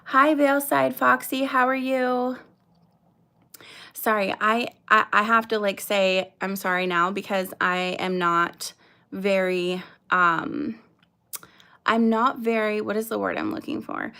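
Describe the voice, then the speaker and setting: A woman in her thirties talks slowly through a casual livestream. She sounds nervous and apologetic, and her speech is full of fillers and restarts as she greets viewers by name. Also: medium pitch, steady tone, sharp tone, clean tone. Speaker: livestream host.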